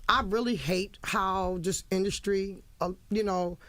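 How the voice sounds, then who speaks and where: A woman's voice: mid-range voice, unhurried, dry recording. A middle-aged woman sits for a casual interview, spinning stories with blunt, salty language. She laughs often and throws herself into voicing what others said. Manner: lively, laughing, blunt and profane, acts out quotes. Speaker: interview guest, music manager. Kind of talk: animated storytelling in a casual interview.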